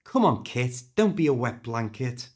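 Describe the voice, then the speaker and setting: A man reading aloud plays a no-nonsense British mum in a storybook, brisk and a little exasperated. His own voice stays close, with lively pitch. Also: breathy edge. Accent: British English. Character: exasperated mother on family holiday.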